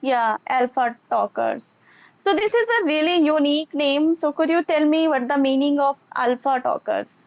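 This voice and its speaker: A woman's voice: high-pitched, moderate pace, gravelly, dry recording. A woman, a guest in a casual conversation, upbeat and polite, fond of idioms. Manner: upbeat, uses idioms and polite formal phrasing. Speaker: podcast guest. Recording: dull, dry lo-fi sound.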